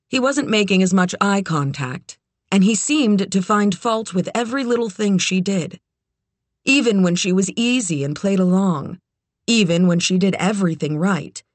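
An audiobook narrator reading a novel in even, measured scripted narration. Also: medium pitch, dry recording.

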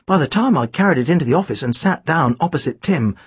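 Husky audiobook reader, voice swings a lot, first-person story, dry close sound. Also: medium pitch, fast talker, no room sound. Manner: lively, expressive reading. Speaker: audiobook narrator.

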